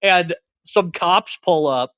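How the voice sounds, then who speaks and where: A young man with a fairly high voice talks through a film on a podcast, retelling one scene after another. He jumps into the characters' lines as he goes, in a relaxed chatty way. The recording is dry and close, with no room sound. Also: takes it slowly, smooth, no echo. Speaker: podcast co-host. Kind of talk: casual chat.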